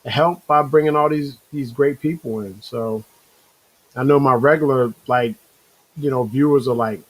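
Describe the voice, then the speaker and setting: Male live-stream host, mid-pitched, husky voice, casual rambling chat with viewers. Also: unhurried, rough recording. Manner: loose and rambling, calls viewers bro, reads chat comments aloud.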